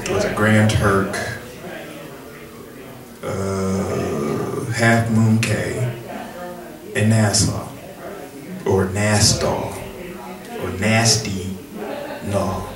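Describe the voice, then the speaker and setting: Deep-voiced man, slow rambling comic story at a cafe open mic; roomy room, distant mic. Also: fairly even intonation, crowd noise. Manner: rambling, self-deprecating, laughs at his own jokes.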